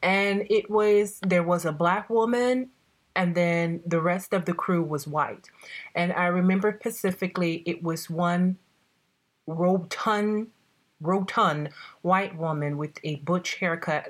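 A woman's voice: fairly low pitch, a little slow. A woman hosting a casual conversation, telling a story with self-corrections and quoted voices. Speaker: host.

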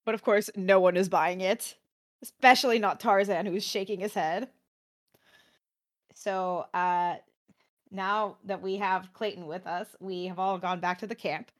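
A woman's voice: mid-range voice, fairly even intonation, measured pace. A young woman giving casual let's-play commentary, chatting and translating game dialogue with plenty of fillers.

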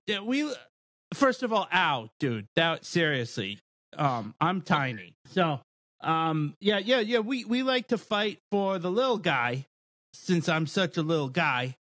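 A man's voice: high voice, a bit bright, no echo, studio quality. A man playing a tabletop game and speaking in character with hammy bravado. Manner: boastful, hammy. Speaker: player.

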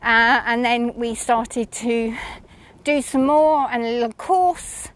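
A woman's voice: fairly high pitch, takes it slowly. A woman chatting casually about her lesson, rambling and self-mocking, with frequent ums. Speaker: horse rider reviewing her lesson. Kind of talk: casual chat.

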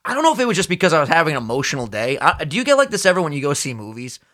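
Hyped young dude on a podcast, bright forceful voice, swears a lot, slangy. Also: male voice, on the high side, huge pitch swings, rapid-fire. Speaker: podcast co-host. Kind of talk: casual podcast chat.

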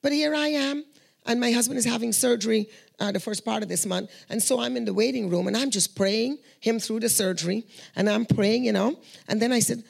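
Female testimony speaker, earnest and conversational, raspy with a bit of fry. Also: a little high, brisk. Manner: earnest, conversational, acts out quoted voices. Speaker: Christian speaker sharing prayer testimonies. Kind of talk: spoken testimony storytelling.

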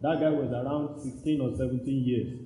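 A Nigerian man in his fifties preaching a sermon as a pastor, telling stories in an animated way and acting out the voices in them. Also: mid-range voice, normal speed, roomy sound, rough recording.

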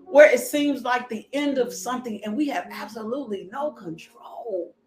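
A woman preaching a sermon with a personal testimony, animated and calling out with bursts of praise. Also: fairly high pitch, normal speed, hardly any pauses. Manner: animated, shouting "woo", laughing. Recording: echoey room with music behind.

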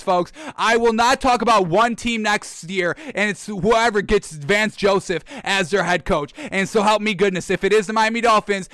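A man hosting a sports talk show, excitable, ranting and repeating himself in casual commentary. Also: high-pitched, smooth, no room sound, studio quality.

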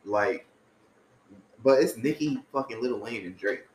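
A man's voice: mid-range voice, measured pace. A man co-hosting a podcast, trading celebrity gossip in a laid-back, slangy way and laughing often. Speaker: podcast co-host. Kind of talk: casual gossip chat. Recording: echoey room with faint hiss.

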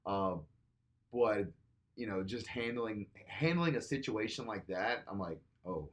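A man's voice: fairly low pitch, lively intonation, unhurried. A man co-hosting a casual podcast chat, talking loosely with lots of "you know" and laughing asides.

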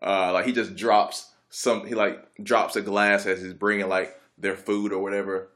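A man's voice: fairly low pitch, little pitch movement, normal speed, fairly bright tone. A young adult man telling a casual story in a rambling, laid-back way, with lots of filler words. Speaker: vlogger.

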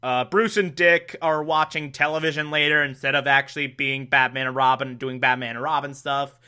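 A young man casually recapping an old show with sarcastic asides, laughing often and dropping into quick mock voices. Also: mid-range voice, steady tone, bright, forceful tone, clear, resonant tone. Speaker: podcast host recapping a show.

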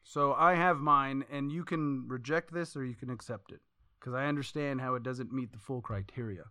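A male podcast co-host tells stories in a casual, rambling, profane, and animated way. His voice is mid-range at normal speed, with clean studio sound and no room sound.

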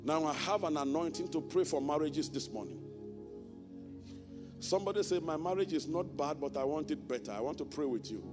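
A man's voice: fairly high pitch, expressive, fairly quick. A man preaching a sermon and leading an altar call, repeating phrases in a fervent sing-song way and at times speaking in tongues. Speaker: pastor. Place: church sanctuary. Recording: long church reverb with music behind.

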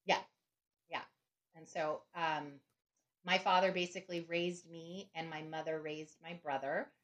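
A woman's voice: sits low, fairly even intonation, unhurried, fairly bright tone, highs cut off. A middle-aged woman speaking as a podcast guest, reflective and conversational, often checking in with "right?" and "you know". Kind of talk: conversational interview.

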